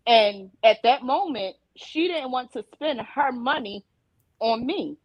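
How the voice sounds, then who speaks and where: Woman panelist, casual and animated storyteller, slightly high voice, close dry mic. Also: slow pace, no room sound, lo-fi sound. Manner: animated storyteller who acts out quoted dialogue. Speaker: panelist and mother.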